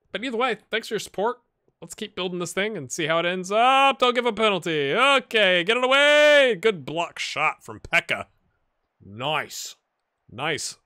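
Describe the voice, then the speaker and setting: Upbeat American gaming YouTuber, animated delivery with a slightly high voice, dry close recording. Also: male voice, smooth, dry recording. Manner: lively, reacts loudly to the match. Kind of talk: casual gameplay commentary.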